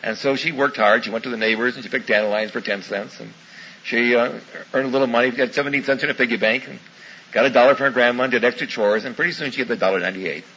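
A man's voice: medium pitch, quick pace. A man preaching a sermon in a folksy storytelling manner, in a muffled recording with faint hiss. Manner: folksy storytelling, warm asides, chuckles.

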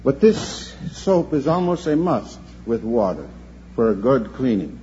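Slow, earnest older man preaching. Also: medium pitch, big pitch swings, mellow. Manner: slow, earnest storytelling with halting repeats. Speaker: preacher at a church convention. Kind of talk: sermon. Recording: dull lo-fi recording with faint hum.

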